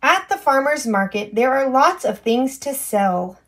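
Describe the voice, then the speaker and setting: High lively lady teacher reading a kids farm book slowly, doing silly sound effects. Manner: slow, sing-song, making animal and machine sound effects; asks the child questions and prompts button pushes. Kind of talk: children's storytime read-aloud.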